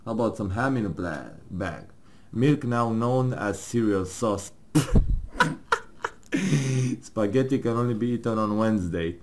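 A man's voice: lowish voice, lively intonation, a little slow, long pauses, a little mellow, slight background noise. A man playing a game with his partner, casually joking, laughing and swearing as he reads questions and answers aloud in a mock-serious tone. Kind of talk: casual gaming commentary, reading game text aloud.

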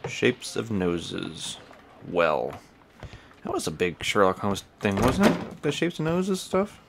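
A man's voice: fairly low pitch, wildly swooping pitch, slow, gravelly, slight background noise. A man casually commenting while playing a game, rambling, swearing and talking to himself. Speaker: gameplay commentator. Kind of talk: casual let's-play commentary.

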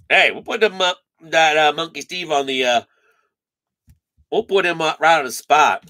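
A man's voice: a little high, animated, moderate pace, bright, forceful tone. A man hosting a live card break stream, chatting casually, reading off names and teasing his viewers.

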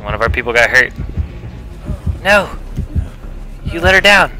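A young man streaming a horror game, swearing and shouting in panic as he plays. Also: mid-range voice, sing-song, measured pace, faint music behind, low-quality recording. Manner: loud, panicky, swearing, shouts and trash-talks while playing. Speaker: gamer streamer. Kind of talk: live horror game commentary.

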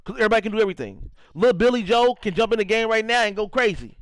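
Rapid-fire and lively in intonation, a young gaming streamer from St. Louis talks with a high, clean voice while responding to chat on his live stream. His commentary is loose and repetitive, full of "you know what I'm saying," recorded without echo but with poor audio.

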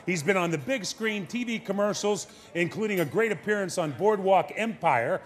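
A man's voice: sits high, expressive, normal speed. Upbeat male variety show host. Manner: enthusiastic, hesitant with fillers. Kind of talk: introducing a guest. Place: TV studio.

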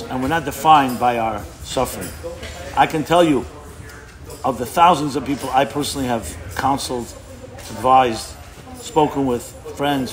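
A man speaking as a rabbi, giving an impassioned sermon to an audience, emphatic and often breaking off to restart his words. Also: mid-range voice.

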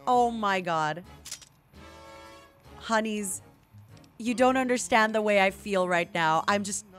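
A young woman streaming a video game, chatting casually with viewers in excitable bursts. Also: medium pitch, slow pace. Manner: excitable, yelling and laughing bursts. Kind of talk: casual gameplay commentary. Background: game music.

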